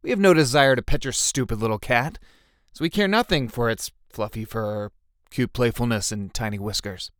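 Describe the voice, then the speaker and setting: A man's voice: mid-range voice, moderate pace, a bit bright, no echo, studio quality, lightly acted. A man voicing a sarcastic, matter-of-fact team leader in a storybook reading. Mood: dry.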